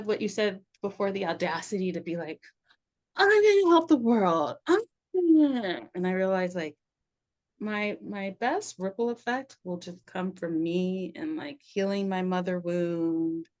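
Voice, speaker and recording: A middle-aged woman talking as a podcast guest in a loose, reflective way, laughing often and saying "like" a lot. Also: fairly low pitch. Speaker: podcast guest, somatic practitioner. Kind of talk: casual reflective conversation.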